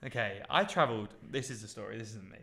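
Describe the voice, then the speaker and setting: A man co-hosting a relaxed podcast, chatting easily with his co-host. He reads listener stories aloud and keeps stopping for his own asides and tips. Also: on the low side, fast, gravelly, slight background noise. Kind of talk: casual chat.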